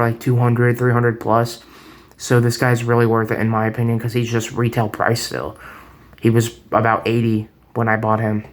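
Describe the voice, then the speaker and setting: Chatty man rambling through a toy review. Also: medium pitch. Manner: chatty, rambling, restarts often. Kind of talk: casual product review. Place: home room. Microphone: camera on a table.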